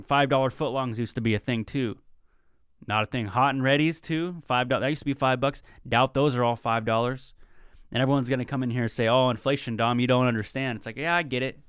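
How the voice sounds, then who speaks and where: A man's voice: mid-range voice, clean tone, no echo, studio quality. A young man in his twenties hosting a solo podcast, talking casually in a rambling, chatty way and acting out bits of quoted talk. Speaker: podcast host.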